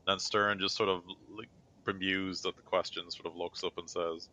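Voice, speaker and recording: A man's voice: sits low, little pitch movement, normal speed, sharp tone. A man narrating a tabletop game as game master, rambling and full of fillers, on a dull lo-fi recording.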